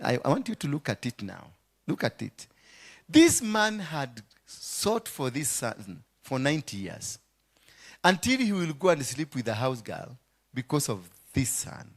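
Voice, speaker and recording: A Kenyan man preaching a sermon, dramatic, swinging between hushed asides and shouts, dropping into Swahili phrases. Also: mid-range voice, very animated, unhurried. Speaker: apostle preaching.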